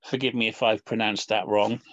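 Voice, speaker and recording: A man's voice: lowish voice, steady tone, fairly quick, fairly bright tone, dry recording, dull audio. A man hosting a casual podcast chat, laughing so hard he can barely go on. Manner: giggly, laughing to tears. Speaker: podcast host.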